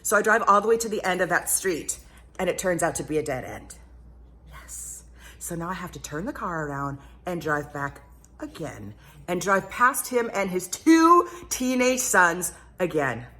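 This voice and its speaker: Vlogger type: middle-aged woman with a crisp, bright tone, animated storyteller, pokes fun at herself. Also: fairly low pitch, normal speed. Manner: animated, self-mocking, laughs often. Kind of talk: casual storytelling.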